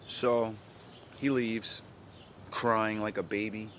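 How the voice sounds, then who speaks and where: A man's voice: medium pitch, a little slow, long pauses, a bit bright, slight background noise. A man casually retelling an old story in his own words, blunt and full of profanity and slang.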